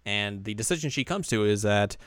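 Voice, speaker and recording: Smooth-voiced man, casual rambling recap. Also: fairly low pitch, lively intonation, fairly quick, a bit bright, no room sound. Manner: rambling, filler-heavy, often acts out lines. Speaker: podcast co-host. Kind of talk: casual chat recapping an anime.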